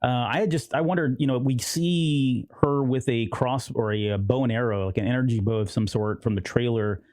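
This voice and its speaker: A man's voice: mid-range voice, steady tone, a little fast, darkish tone, no echo, studio quality. A man co-hosting a podcast, rambling casually and often quoting characters in little voices. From United States. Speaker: podcast co-host. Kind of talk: casual chat.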